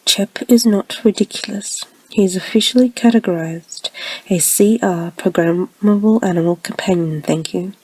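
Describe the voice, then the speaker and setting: A woman voicing a small, calm male robot guardian in a whispered role-play, speaking in a purring, teasing way. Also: mid-range voice, moderate pace, breathy edge, recorded from a distance, natural voice, rough recording.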